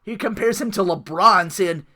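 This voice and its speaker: A man hosting a casual wrestling chat show, animated and laughing often as he acts out quotes. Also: high-pitched, moderate pace. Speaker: podcast host.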